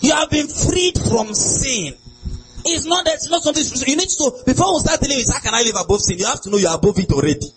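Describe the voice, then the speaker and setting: Guy preaching, high voice, swoops up and down a lot, bit of hum in the back. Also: expressive, fast talker. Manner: emphatic, sing-song preaching with sudden shouts and laughs. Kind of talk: sermon.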